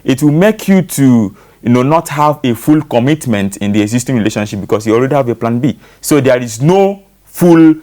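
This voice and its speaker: A man's voice: mid-range voice, animated, fairly quick, warm tone. Nigerian man explaining with many fillers. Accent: Nigerian English. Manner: explains by analogy, many fillers like "you know". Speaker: panel guest. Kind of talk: discussion on a talk show.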